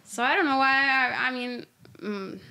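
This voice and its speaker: Bright, gravelly-voiced chatty woman. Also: high-pitched, moderate pace. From Oklahoma. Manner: chatty, laughs often, trails into restarts. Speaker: podcast guest. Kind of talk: casual chat.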